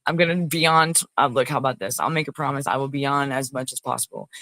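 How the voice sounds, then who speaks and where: A woman's voice: a bass voice, fast, a bit bright, no room sound. A woman hosting a casual livestream, chatting in a rambling way and greeting viewers by name. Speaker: livestream host. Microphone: phone.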